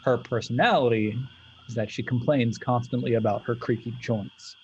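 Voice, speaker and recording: A man's voice: medium pitch, moderate pace, darkish tone, muffled recording, slight background noise. A man narrating as game master in a loose, chatty way.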